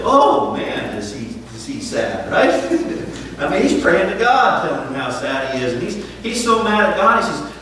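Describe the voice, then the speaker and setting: A man preaching a sermon as pastor, animated, who keeps checking in with the congregation with "okay?" and "right?". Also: high voice, unhurried, slight background noise. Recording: echoey hall, voice from far off.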